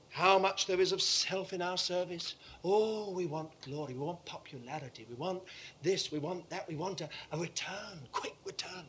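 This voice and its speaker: A man preaching a sermon with impassioned conviction, dropping to hushed tones and then rising to forceful, emphatic repetition. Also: high voice, slight background noise.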